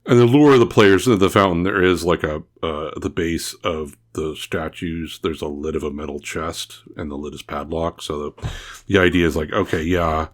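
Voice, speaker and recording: A man with a low voice chats as co-host about a game module. He stays relaxed and agrees with short replies. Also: normal speed. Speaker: podcast co-host. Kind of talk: casual tabletop game discussion.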